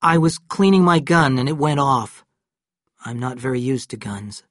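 A man voicing a wounded, dazed young husband who answers softly and haltingly. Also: mid-range voice, lively intonation, dry recording, clean studio sound. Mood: quiet, dazed. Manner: soft, quiet, faltering.

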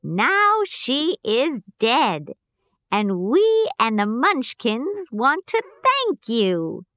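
A woman voicing a kind little old female good witch, speaking gently and reassuringly. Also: on the high side, wildly swooping pitch, very slow, no room sound, clean studio sound, pitched above the performer's own voice, exaggerated voice. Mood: kindly.

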